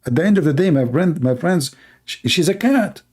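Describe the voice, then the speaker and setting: A man's voice: fairly high pitch, expressive, moderate pace, a little mellow, slightly rough. A man hosting a show, giving mocking commentary on a video in sarcastic, broken English. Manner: sarcastic, repeats himself, broken English grammar. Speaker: host.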